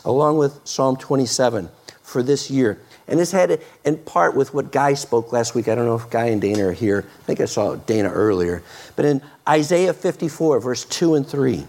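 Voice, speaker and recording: A middle-aged man preaching a sermon, earnest, restarting words often and rising to loud, excited peaks. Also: medium pitch, vocal fry. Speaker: pastor.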